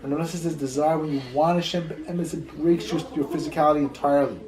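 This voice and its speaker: A man's voice: on the high side, fairly even intonation, fast talker, a crowd in the background, low-quality recording. A rabbi teaching a Torah class in a loose, conversational way, telling stories, repeating words as he thinks, and dropping in Hebrew terms.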